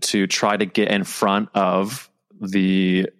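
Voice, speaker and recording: A man with a lowish voice hosts a casual podcast. He asks questions eagerly, agrees warmly with his guest and tosses in playful asides. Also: little pitch movement, slow pace, smooth. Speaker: podcast host.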